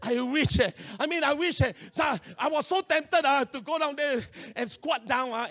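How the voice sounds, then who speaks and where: Animated high-voiced Singaporean pastor. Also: male voice, normal speed. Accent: Singaporean English. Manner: animated storytelling with local slang and acted-out voices. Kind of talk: sermon with personal story.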